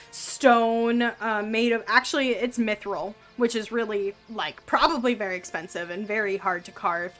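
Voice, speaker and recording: Bright-voiced woman game master. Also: fairly high pitch. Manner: descriptive, filler-heavy (um, like). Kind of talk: narrating a tabletop game.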